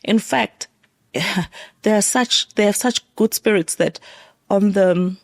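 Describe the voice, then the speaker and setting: A woman's voice: mid-range voice, takes it slowly. A woman from South Africa, a guest in a casual interview conversation, who talks with many fillers and restarts.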